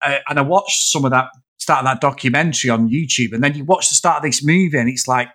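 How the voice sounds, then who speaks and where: A man's voice: mid-range voice, quick pace. A man co-hosting a casual film podcast, swearing and eagerly acting out his favourite scenes. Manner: animated, swearing, acts out scenes. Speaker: podcast co-host.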